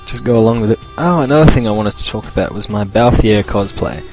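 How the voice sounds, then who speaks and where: Rambling Australian man, low voice. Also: brisk, over music. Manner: rambling, chuckling, loose and irreverent. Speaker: podcast host. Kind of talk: casual solo podcast rant.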